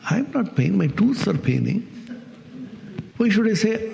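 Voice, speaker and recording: A man's voice: sits high, sing-song, normal speed, vocal fry, mellow, in a large hall, a little hiss or hum. A swami giving a spiritual discourse on Vedanta to an audience. He asks his listeners questions and acts out everyday speech.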